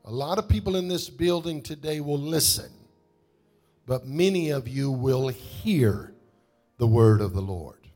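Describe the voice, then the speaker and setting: A man's voice: medium pitch, animated, unhurried, darkish tone, soft background music. A male pastor preaching a sermon in a church, speaking emphatically and directly to his congregation.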